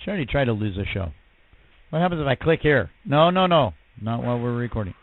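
A man's voice: medium pitch, animated, fast talker, no room sound. Wry male host, tinny sound. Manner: wry, self-deprecating. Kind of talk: casual chat.

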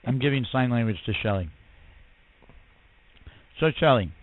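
A man's voice: medium pitch, animated, moderate pace. Wry male host, tinny sound. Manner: wry, self-deprecating. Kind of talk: casual chat.

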